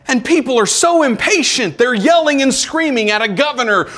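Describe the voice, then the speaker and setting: A man preaching a sermon as pastor, animated, with acted-out quotes and sudden drops to a quiet tone. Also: very high-pitched, moderate pace, few pauses.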